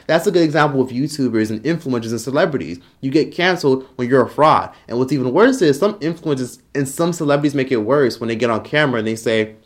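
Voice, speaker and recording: A young man ranting to camera in a blunt, profane commentary, mocking people with quick impressions. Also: on the high side. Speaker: commentary YouTuber. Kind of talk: opinion rant to camera.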